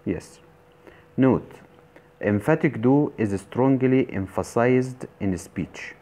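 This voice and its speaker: A male English teacher giving a recorded grammar lesson, explaining deliberately with frequent fillers and self-corrections. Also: medium pitch, mellow, slight background noise.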